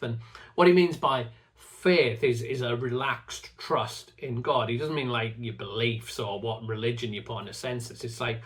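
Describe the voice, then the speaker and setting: A middle-aged man speaks earnestly to his viewers about faith and trust, in a voice of ordinary middle pitch. He talks in a reflective, teaching way and often doubles a word as he begins a thought. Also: moderate pace. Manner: earnest, repeats words when starting phrases. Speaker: faith teacher and channel host. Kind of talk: reflective talk to camera.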